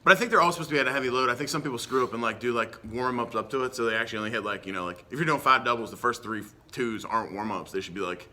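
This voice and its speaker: A man talking very fast in a sharp, tense, bright voice. He is a strength coach chatting as a podcast guest, loose and energetic, full of gym slang. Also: medium pitch. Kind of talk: casual podcast chat.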